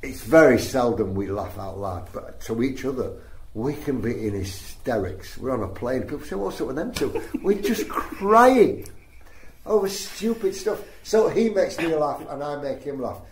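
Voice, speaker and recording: An older man, a comedian guest, telling stories in an animated, laughing way during an interview. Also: mid-range voice, normal speed. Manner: animated storyteller, breaks into laughter. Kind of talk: anecdotal interview chat. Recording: echoey room, faint noise.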